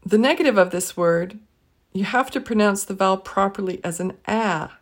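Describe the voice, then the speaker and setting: A woman leading a pronunciation lesson, saying each word twice slowly and carefully. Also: mid-range voice. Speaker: pronunciation teacher. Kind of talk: slow pronunciation drill.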